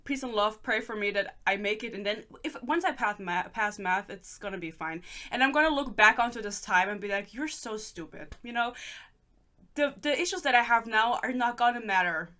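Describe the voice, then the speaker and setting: A woman's voice: fairly high pitch, animated, fairly quick, pushed and bright. A woman in her twenties with a German accent, a podcast host chatting casually and mocking herself, with swearing asides. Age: 20s. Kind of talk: casual chat.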